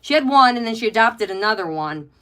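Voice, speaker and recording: Her voice is on the high side, expressive and a bit bright, moving fairly quickly as this middle-aged woman runs a home craft livestream on a webcam mic. Chatty and rambling with many fillers, she reads viewer comments aloud and gushes over pets.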